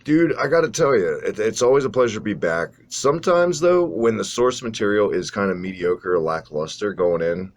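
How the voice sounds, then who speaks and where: A man's voice: lowish voice, animated, normal speed, hardly any pauses. A man hosting a casual wrestling podcast, talking in a profane, sarcastic, rambling way. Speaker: podcast host.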